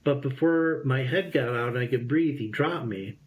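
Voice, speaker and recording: Recounting a personal story as a guest in an interview, this man in his fifties is animated and imitates the voices he recalls. His voice is mid-range and his pace moderate.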